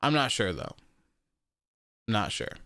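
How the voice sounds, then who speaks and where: A man's voice: mid-range voice, lively intonation, takes it slowly, sharp tone, no echo, studio quality. Chatty young man hosting a wrestling show. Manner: chatty, reads viewer comments aloud, laughs often. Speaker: host of a wrestling post-show. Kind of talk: casual live-stream commentary.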